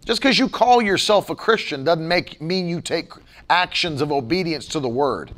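A man's voice: fairly high pitch, animated, normal speed, a bit bright. A man pastor preaching a sermon, emphatic and repetitive, firing off rhetorical questions.

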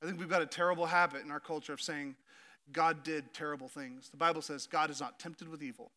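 A male pastor preaching a sermon, telling stories with animation and slowing down to stress his points. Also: on the high side. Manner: storytelling, animated, builds to emphatic slow points. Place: church stage.

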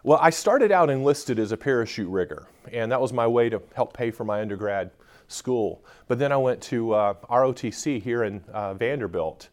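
A man's voice: medium pitch, expressive, normal speed, a little mellow. A man speaking at a conference in front of a live audience, joking and bantering with the people in the room.

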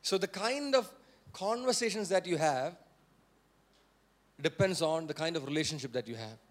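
A man's voice: on the high side, lively intonation, normal speed. A male pastor preaching a sermon, repeating key phrases for emphasis and prompting the congregation to answer.

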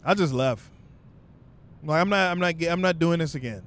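Young guy vlogging a story, swears a lot, kinda high voice. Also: normal speed, fairly bright tone. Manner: loose, profane, conversational. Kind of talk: casual comic storytelling.

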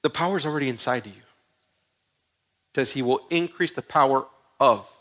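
A man preaching a sermon in a conversational, animated way, full of asides and stories. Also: medium pitch, normal speed.

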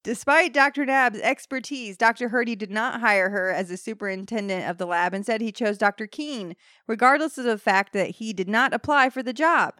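A woman's voice: a little high, moderate pace, hardly any pauses, pushed and bright, no room sound, clean studio sound. A woman hosting a podcast, reading a history story from notes and breaking into laughing banter with her co-hosts.

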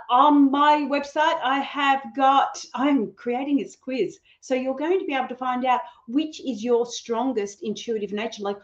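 Woman, podcast host, high voice, quick and chatty, roomy dull audio. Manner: talks fast, laughs easily. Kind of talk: casual interview chat.

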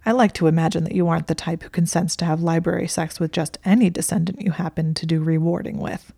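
A woman's voice: on the low side, fairly even intonation, quick pace, creaky, warm tone, slightly rough, no echo, clean studio sound. A woman voicing Malfoy, smug and needling. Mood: rambling. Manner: smirking, rambling, dismissive. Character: smug, needling young wizard man.

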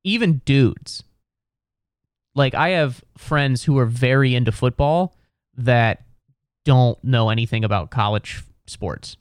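A man's voice: mid-range voice, slow, clear, resonant tone, no echo, studio quality. A young man from Ohio rambling sardonically on his solo podcast, slipping into mocking voices. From Cincinnati, Ohio. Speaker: podcast host. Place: New York City.

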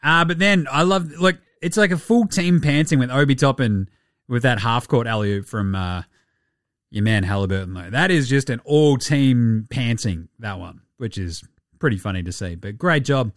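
Lively, sweary Australian man. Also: medium pitch, no echo, studio quality. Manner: lively, sweary, mocking banter. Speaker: podcast host. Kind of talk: casual sports commentary.

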